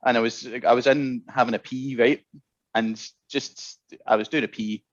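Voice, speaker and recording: A man's voice: mid-range voice, steady tone, moderate pace. Chatty Scottish man, dull lo-fi sound. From Scotland. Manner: chatty storyteller, laughs often. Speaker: guest musician. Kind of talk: casual chat.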